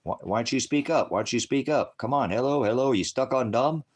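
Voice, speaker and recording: A man in his sixties rambling through a live-stream monologue, cursing freely and swinging between low mutters and loud rants. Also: brisk, slightly rough. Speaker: livestreamer.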